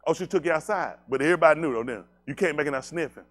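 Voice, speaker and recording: This pastor's voice is a little high, and he speaks rapid-fire to his congregation. His delivery is blunt, animated and conversational, full of slang, questions to the listeners and frequent laughs.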